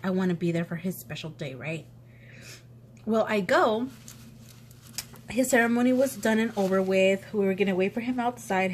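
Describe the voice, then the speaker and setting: A young woman vlogger telling a personal story in casual chat, sniffly and sneezing from allergies, animated and full of quoted back-and-forth. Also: lowish voice, a little hiss or hum. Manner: chatty, animated retelling with quoted voices.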